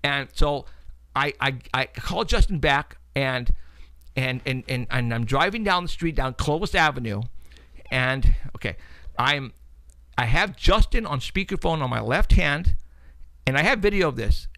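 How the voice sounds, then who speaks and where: A man's voice: mid-range voice, animated, measured pace, pushed and bright, no room sound. A man hosting a paranormal talk show, telling a long story in a rambling way, repeating words and laughing often.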